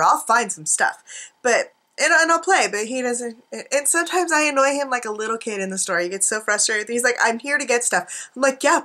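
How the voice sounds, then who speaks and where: A woman's voice: on the high side, sharp tone. A middle-aged woman chatting and rambling to a camera at her craft desk at home, giggly with self-mocking asides. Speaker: art journaling vlogger. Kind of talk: rambling casual chat to camera.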